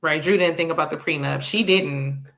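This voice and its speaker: A woman's voice: low voice, moderate pace, gravelly, slight background noise. Chatty woman recapping a movie. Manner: chatty, animated retelling with laughs and acted-out quotes. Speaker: movie review host. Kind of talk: casual live movie recap.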